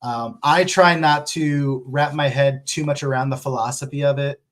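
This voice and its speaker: A man, an author, talking casually and candidly to viewers, animated and swearing freely. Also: medium pitch, moderate pace. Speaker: author answering viewer questions. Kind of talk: casual vlog talk.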